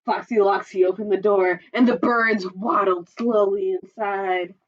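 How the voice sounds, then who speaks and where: A woman's voice: medium pitch, fairly even intonation, unhurried, dull audio. A woman librarian reading a picture book aloud at storytime, playful and full of sound effects. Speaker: children's librarian.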